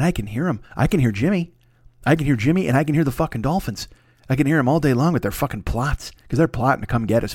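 Male solo podcaster, profane and self-deprecating, talks very fast, dry close sound. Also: medium pitch, darkish tone, dry recording. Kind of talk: casual comedic rant.

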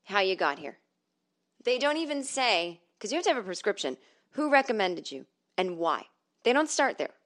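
A woman's voice: mid-range voice, very animated, brisk. A middle-aged woman from the northern United States hosting a podcast from home, telling stories in a sarcastic, profane comedic monologue. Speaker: podcast host.

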